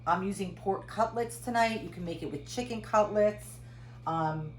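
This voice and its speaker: A woman's voice: medium pitch, a little slow. A woman chef giving a chatty, upbeat home cooking demonstration in her kitchen. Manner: chatty and upbeat, laughs at herself. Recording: loud background noise.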